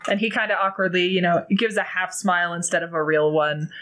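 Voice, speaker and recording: A woman's voice: fairly low pitch, brisk, a bit bright, low-quality recording. Chatty woman playing a tabletop game. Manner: chatty, giggly. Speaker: player. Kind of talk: tabletop role-play, describing her character. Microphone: video call.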